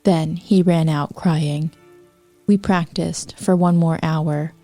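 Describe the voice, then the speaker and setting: A woman podcast host reading fanfiction aloud for comedy, deadpan with wry asides. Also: low-pitched, slow, soft background music.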